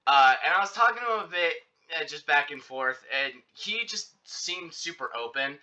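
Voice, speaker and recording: A man's voice: fairly high pitch, normal speed. A young man telling a long personal story in casual chat, rambling with many fillers and restarts. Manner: rambling, filler-heavy, animated retelling. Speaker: podcast host telling a story.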